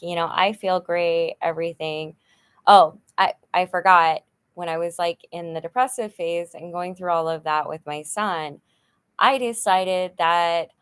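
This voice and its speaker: A woman's voice: lowish voice, a bit bright, smooth. A middle-aged woman talking frankly in a personal vlog, rambling with many fillers and sounding frustrated and worn down. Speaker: vlogger.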